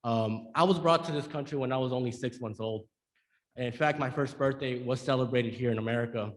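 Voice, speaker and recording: A young man from Georgia giving earnest, emotional testimony to a legislative committee, with halting repeats. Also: medium pitch, in a large hall. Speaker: public witness. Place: hearing room.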